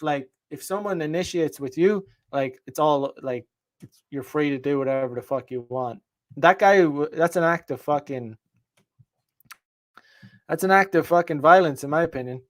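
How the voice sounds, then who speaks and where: Heated, foul-mouthed man ranting. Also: a little high. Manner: heated, profane, emphatic. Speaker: podcast host. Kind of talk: casual ranting monologue.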